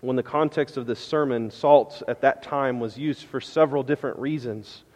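A man preaching a sermon as pastor, impassioned, moving from loud declarations to hushed pleading. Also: mid-range voice, moderate pace, big-room sound. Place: church sanctuary.

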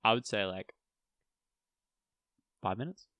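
A man's voice: fairly low pitch, slow pace, pushed and bright, dry recording. A young man co-hosting a casual podcast, goofy and playfully clueless, cracking jokes. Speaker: podcast co-host.

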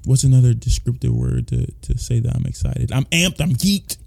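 A man's voice: medium pitch, normal speed, gravelly, a little mellow. A man hosting a podcast in casual chat, hyped and playful, talking with a lot of energy. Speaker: podcast host.

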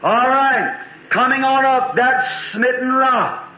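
Fervent preacher on thin, echoey old tape. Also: male voice, extremely high pitch, slow pace, phone-quality sound. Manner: fervent, rhythmic, repeats refrains, stretches key words. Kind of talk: impassioned revival sermon.

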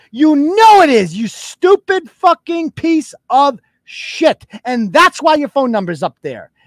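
A podcast host, a man, delivering an angry, profane political rant with shouting bursts. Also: very high-pitched, dry recording.

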